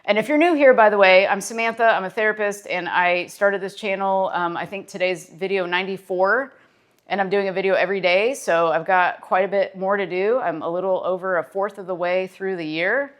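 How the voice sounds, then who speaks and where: A woman's voice: medium pitch, fairly quick. A woman therapist giving casual motivational talk to camera, earnest and encouraging, repeating phrases for emphasis. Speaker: therapist and self-help vlogger.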